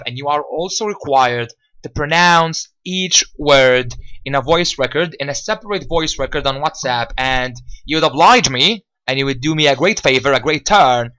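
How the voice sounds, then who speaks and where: A man with an Egyptian accent teaches English vocabulary, his voice sitting a little higher than most men's. He drills each word with repeat-after-me rounds. He restates every point in several ways, at a deliberate teaching pace. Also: sharp tone, low-quality recording. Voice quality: deliberate, repetitive delivery, rephrasing each point several times.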